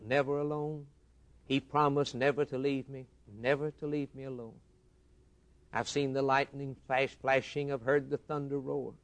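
A male preacher delivering a sermon in a rhythmic cadence of repeated lines, swinging from loud declarations to hushed ones. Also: medium pitch.

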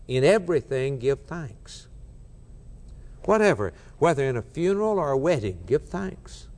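A man preaching a sermon with fervor, swinging between soft, low passages and emphatic peaks. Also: long reverb tail.

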